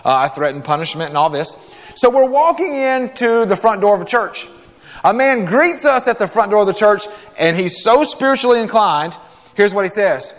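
A man preaching a sermon as a guest preacher, telling a story in an animated, conversational way with quick asides and acted-out quotes. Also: high voice, big-room sound. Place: church sanctuary.

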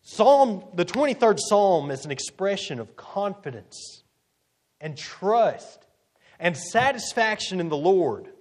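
Guy preaching a sermon, slow and deliberate, voice goes up and down a lot, kinda high. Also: sing-song. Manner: slow, deliberate preaching with emphatic scripture reading. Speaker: pastor.

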